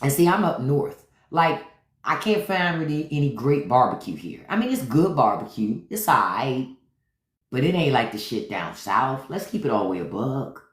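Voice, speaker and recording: A podcast host from Washington, D.C., talking loose and profane on a livestream. His pitch swings widely as he riffs. The sound bounces around an echoey room. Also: moderate pace. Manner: animated, profane riffing. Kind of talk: casual livestream chat.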